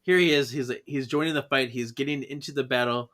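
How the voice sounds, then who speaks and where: A man's voice: mid-range voice, steady tone, brisk, a bit bright. A man co-hosting a podcast, chatting casually as he recaps a comic and giggles at it. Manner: giggly, acts out quoted lines. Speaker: podcast co-host.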